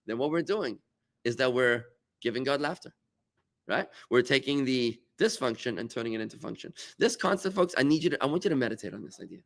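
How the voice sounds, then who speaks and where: A man, a rabbi, giving a lively talk to his congregation and trading remarks with them, with sudden exclamations. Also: brisk. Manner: animated, with big pitch jumps and exclamations.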